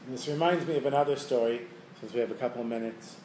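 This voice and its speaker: A man telling a Hasidic story to a class, lively and chuckling, in a room with listeners. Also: medium pitch, fast, a little hiss or hum. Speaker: Torah teacher. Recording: roomy room, faint ambience.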